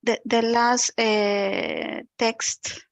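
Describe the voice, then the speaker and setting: A woman's voice: fairly high pitch, flat delivery, drawn-out words, no echo. A woman student with a Mexican Spanish accent asking her teacher a question, hesitant and stammering.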